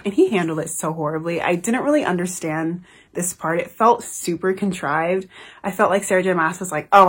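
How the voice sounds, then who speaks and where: Young woman, casual book review chat, husky, slightly low pitch, emotional. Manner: gushing, emotional, swears freely.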